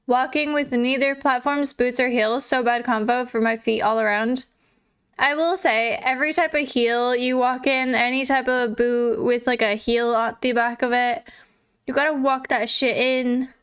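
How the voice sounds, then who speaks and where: Young woman streamer, laid-back chatter, slightly high, clear and smooth voice, cusses casually. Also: fairly even intonation, measured pace, fairly bright tone. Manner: chatty, swears casually, laughs often. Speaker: livestreamer. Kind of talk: casual chat reading viewer messages.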